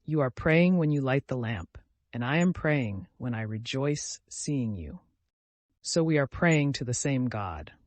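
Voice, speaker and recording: A man voicing a gentle, feverish dying young man who talks tenderly and with rapture, in an audiobook. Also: medium pitch, lively intonation, unhurried, dry recording, close to an everyday voice. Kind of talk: audiobook character voice.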